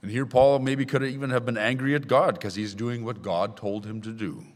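A man's voice: mid-range voice, fairly even intonation, normal speed. Male pastor preaching from the pulpit, emphatic scripture reading, long church reverb. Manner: reads scripture aloud with rising emphasis. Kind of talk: sermon. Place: church sanctuary.

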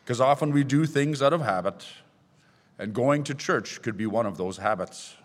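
A man's voice: mid-range voice, lively intonation, normal speed. Male pastor preaching from the pulpit, emphatic scripture reading, long church reverb. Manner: reads scripture aloud with rising emphasis. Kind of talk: sermon. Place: church sanctuary.

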